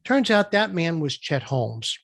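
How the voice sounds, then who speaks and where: A guest entrepreneur with a fairly high, creaky voice tells a business story at an unhurried pace in an interview, recorded dry. He's a lively storyteller who acts out the quoted dialogue.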